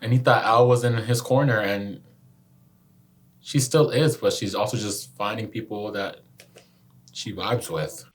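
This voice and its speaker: A man hosting a YouTube reaction video, animated and emotional, talking back to the screen. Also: fairly low pitch, unhurried, pauses often. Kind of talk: casual reaction commentary.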